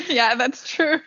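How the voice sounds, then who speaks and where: A woman's voice: high voice, fairly bright tone, no echo. A young woman with a German accent, hosting a casual interview in English and laughing easily as she asks her questions. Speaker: host, interviewer. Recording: dry, slightly dull lo-fi audio.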